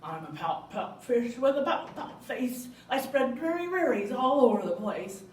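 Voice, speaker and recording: A woman's voice: fairly high pitch, sing-song, normal speed, slight background noise. A woman voicing a gloomy, sulking male fish in a storybook reading, with a droning sing-song chant. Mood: mopey. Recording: echoey room, mic far off.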